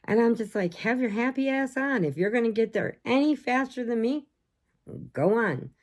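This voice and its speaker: A woman chatting casually on her own channel, ranting in an animated way and acting out voices for her pets. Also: a little high, normal speed. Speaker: vlogger.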